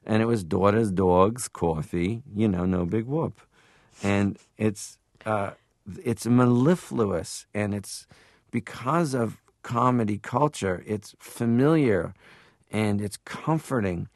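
A man from Canada, a comedian guest, talking casually and at length in an interview, animated, stopping to laugh. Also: lowish voice, slow, dry recording, studio quality. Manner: rambling, animated, stops to laugh.

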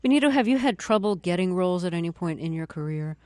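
An interview host introducing clips and asking a guest about their career, in a brisk way and laughing easily. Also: mid-range voice, lively intonation, darkish tone, no room sound, clean studio sound. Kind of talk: radio-style interview.

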